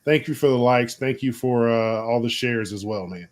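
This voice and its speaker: An excitable man co-hosting a casual live stream. His voice sits at a middle pitch. He laughs readily and rushes ahead when he argues a point. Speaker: co-host.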